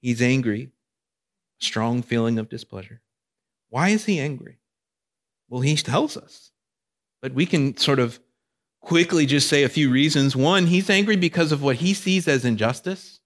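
A man's voice: mid-range voice, expressive, unhurried, long pauses. A male pastor preaching a sermon in a conversational way, checking in with his listeners.

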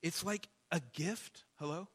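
A man preaching a sermon with emphatic delivery, asking rhetorical questions and swinging between loud and quiet. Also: on the high side, measured pace, husky. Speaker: pastor.

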